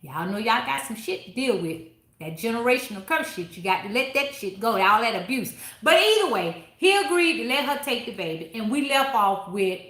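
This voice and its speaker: A woman's voice: on the high side, bright, forceful tone, roomy sound. A woman hosting a book club review in casual chat, talking bluntly and with plenty of profanity, and breaking off to answer viewers mid-sentence.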